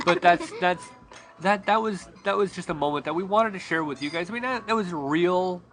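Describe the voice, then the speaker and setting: A man's voice: high-pitched, normal speed, fairly bright tone. A man hosting a podcast in casual chat. He rambles with restarts and laughs often. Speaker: podcast host.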